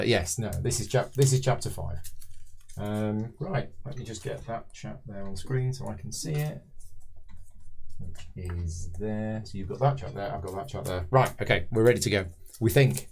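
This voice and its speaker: A man's voice: on the low side, unhurried, darkish tone, breathy edge. Chatty man hosting a live stream. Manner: chatty, self-deprecating, with stops and restarts. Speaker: host of a live board game playthrough. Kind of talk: casual live-stream chat and reading of scenario text.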